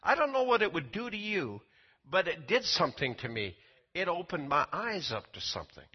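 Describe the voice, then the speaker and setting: Older preacher man, husky and folksy. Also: normal speed, dull audio. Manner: folksy, repeats words, rises to high excited quotes. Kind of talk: sermon with personal testimony.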